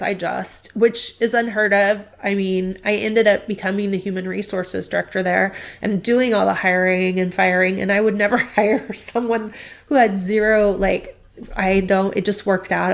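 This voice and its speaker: Chatty gravelly-voiced middle-aged woman. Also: medium pitch. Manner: chatty, rambling, restarts sentences. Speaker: veterinary clinic staff interviewee. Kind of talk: casual interview storytelling.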